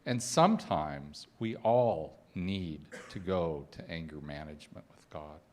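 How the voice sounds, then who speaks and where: A man's voice: sits low, lively intonation, measured pace, a little hiss or hum. A middle-aged man giving a personal, conversational sermon, mixing heartfelt reflection with humorous stories from fatherhood. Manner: conversational storytelling with humorous asides. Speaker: spiritual speaker.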